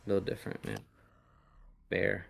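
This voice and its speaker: A man hosting a podcast, casually showing tarot decks in a rambling, hesitant way with many pauses and fillers. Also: low voice, big pitch swings, gravelly. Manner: rambling, hesitant, lots of ums. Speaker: podcast host reading tarot. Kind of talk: casual chat.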